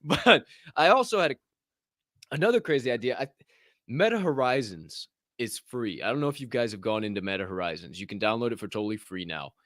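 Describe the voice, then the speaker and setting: A man co-hosting a casual podcast, telling stories in a loud, profane, animated way. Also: medium pitch, fairly quick, dry recording, clean studio sound. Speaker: podcast co-host.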